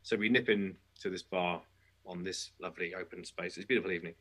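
Rapid, bright-voiced man. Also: sits low. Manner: animated storyteller, quick restarts. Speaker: guest musician. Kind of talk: casual podcast chat.

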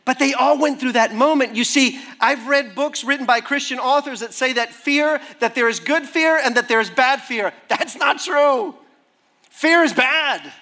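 A middle-aged man preaching a sermon, animated, acting out the voices of figures from scripture. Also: very high-pitched, moderate pace, hardly any pauses. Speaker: preacher, school head and therapist.

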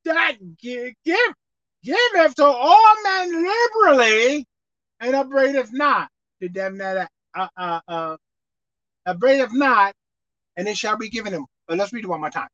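High-pitched woman preacher, lively and bright, on a muffled recording. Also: measured pace, no echo. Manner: animated, acts out pleading prayers, calls out to listeners. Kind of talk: sermon.

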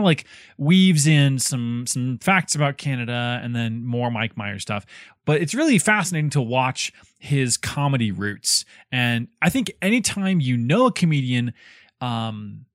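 A man's voice: medium pitch, dry recording, clean studio sound. A man co-hosting a podcast, chatting casually about a book in a rambling way with many fillers. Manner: animated, rambling with fillers and restarts. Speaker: podcast co-host reviewing a book. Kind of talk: casual chat.

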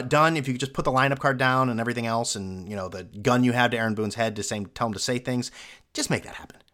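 Speaking in a mid-range voice with a fairly bright tone, the young man behind this solo sports podcast mocks and jeers sarcastically. He puts on imitation fan voices as he rants.

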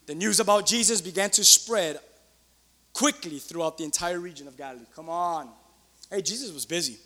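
A man preaching a sermon in church as pastor, excitable, swinging between loud outbursts and quiet asides. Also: high-pitched, normal speed, in a large hall.

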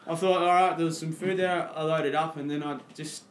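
A man's voice: a little high, brisk, a little hiss or hum. Australian bloke yarning on a podcast, acts out what he said back then, bit of room echo. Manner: animated, acts out his own past lines. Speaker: podcast guest. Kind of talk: casual storytelling chat.

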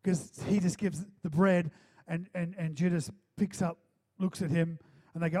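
A male pastor delivering a sermon to a congregation in a conversational, animated way, with rhetorical questions. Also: sits high, moderate pace, few pauses. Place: church hall.

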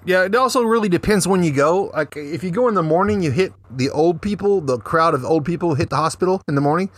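A man co-hosting a podcast, telling profane, animated stories in casual chat. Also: a little high, fast talker. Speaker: podcast co-host.

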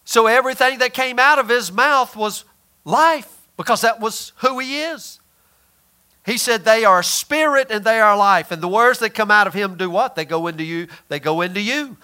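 Male preacher, high bright voice, asks questions then answers them, stretches out key words. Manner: drawls some phrases slowly for emphasis. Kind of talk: sermon.

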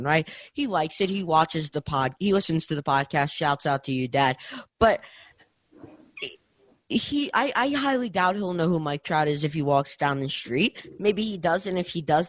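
A young man co-hosting a casual sports podcast, talking in an animated way with lots of restarts and tag questions. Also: high-pitched. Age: young adult. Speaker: podcast co-host.

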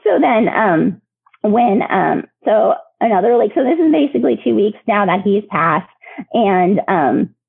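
Woman, 30s, gravelly, lots of ums and laughs, tinny phone sound. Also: medium pitch, lively intonation, unhurried, dry recording. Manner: chatty, many fillers, laughs often. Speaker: podcast guest. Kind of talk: personal storytelling. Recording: tinny phone-line audio, dry.

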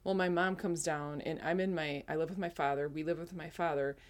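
Low-pitched woman in her 40s telling her faith story, loose and rambly, keeps correcting herself. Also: steady tone, fairly quick. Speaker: speaker sharing a spiritual testimony. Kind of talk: casual personal testimony.

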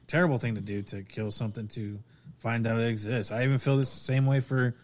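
A man in casual podcast chat, rambling through a story and acting out the quotes in it. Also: brisk. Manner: rambling storyteller, acts out quotes with raised pitch.

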